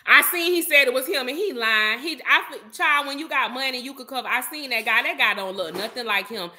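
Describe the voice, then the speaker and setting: A woman vlogger in casual gossip chat, animated and chatty, talking straight to her viewers and calling them child, baby and honey. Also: high voice, brisk. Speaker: vlogger host.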